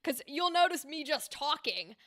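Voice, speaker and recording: A young woman voice actor chatting casually on a livestream, animated and explaining with demonstrations. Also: high voice, moderate pace, no echo, studio quality. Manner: animated, talks with her hands, explains with demonstrations. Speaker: streamer and voice actor. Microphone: desk microphone.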